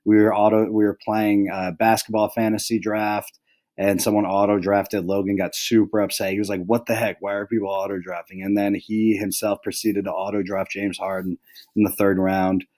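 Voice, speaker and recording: Rambling young man with a low voice. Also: little pitch movement, normal speed, a little mellow. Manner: rambling, full of "like" and "um"; jokey, handing out mock penalties to friends. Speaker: host of a fantasy football recap. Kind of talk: casual recap monologue.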